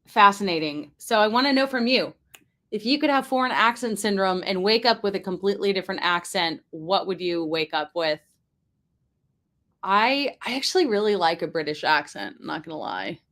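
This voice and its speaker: A woman's voice: medium pitch, expressive, moderate pace, fairly bright tone. A young woman vlogging casually at home as she builds a model, thinking aloud, reacting and drifting into side tangents. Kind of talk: casual chat while building.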